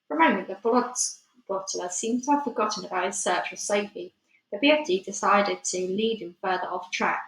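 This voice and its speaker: A woman reads a storybook aloud at a medium pitch, steady and expressive, with a few small slips. The reading carries a clear room echo. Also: a little fast. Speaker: reader. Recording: echoey room.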